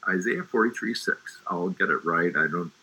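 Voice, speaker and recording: Emphatic husky-voiced man preaching. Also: sits low, normal speed, pushed and bright, low-quality recording. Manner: emphatic, preacherly, restarts often. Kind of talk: faith discussion.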